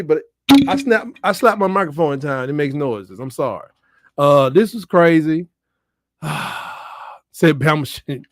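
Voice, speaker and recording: A man giving live, excitable reaction commentary on a football game, swinging between shouts and mutters. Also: fairly high pitch, dry recording, studio quality. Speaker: fan watch-along host.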